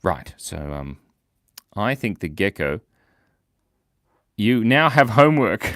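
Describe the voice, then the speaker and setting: Australian male host, lowish voice swooping wildly up and down, playful live-stream chatter, close and dry. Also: sing-song, slow, long pauses, a bit bright, dry recording. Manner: playful, giggly, reads out viewer comments. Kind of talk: live-stream chat while drawing.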